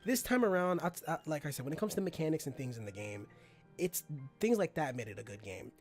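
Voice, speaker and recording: A man hosting a casual podcast chat, talking in an animated, slangy way and letting his phrases trail off low. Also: fast, soft background music. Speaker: podcast host.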